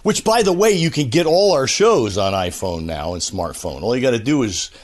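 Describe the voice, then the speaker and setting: A man's voice: fairly low pitch, big pitch swings, normal speed. A man chatting as a radio interview guest, joking and rambling. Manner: joking, rambling, full of voices. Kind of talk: casual interview chat.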